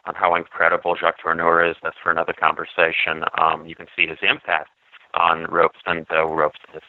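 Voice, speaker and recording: A very deep-voiced man chatting about films in a relaxed, digressive way, full of ums and asides. His voice comes through a narrow, phone-like channel with no room sound at all. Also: a little fast, no room sound. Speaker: podcast co-host. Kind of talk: casual film discussion.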